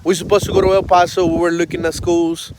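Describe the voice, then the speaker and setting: Army vet guy in his 30s, rambling stories w lots of cursing, kinda high voice, noisy bg. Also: flat delivery, fast. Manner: swears freely, loose storytelling with many fillers. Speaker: army veteran telling stories. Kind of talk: casual storytelling on a livestream.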